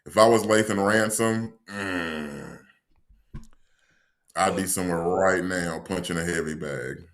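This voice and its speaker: A man's voice: deep voice, a little slow, a bit bright. A man co-hosting a casual sports podcast, telling stories in a dry, wry and exasperated way. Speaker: podcast co-host.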